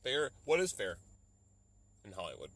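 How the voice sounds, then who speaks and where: A young adult man hosting a solo podcast, rambling and profane as he riffs, slipping into quick mock voices to quote people. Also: on the low side, very animated, a bit bright. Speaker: podcast host. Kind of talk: solo comedic podcast rant.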